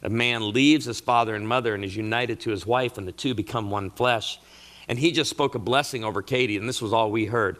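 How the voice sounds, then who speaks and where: A man's voice: lowish voice, a little fast. A middle-aged man giving a humorous sermon-style talk at a marriage conference, telling family stories with comic asides. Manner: animated storyteller with comic asides.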